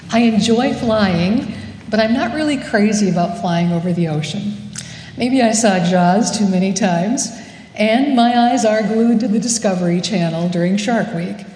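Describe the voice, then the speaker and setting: Woman pastor, slow measured sermon, mellow voice, long hall reverb. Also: medium pitch, slight background noise. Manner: slow, measured storytelling with gentle humor.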